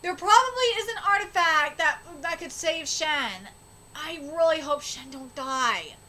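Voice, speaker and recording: A woman's voice: high voice, lively intonation, a little slow, bright, forceful tone. A woman hosting a live reaction stream, talking emphatically, swearing and repeating her exclamations. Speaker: host reacting live to a manga chapter.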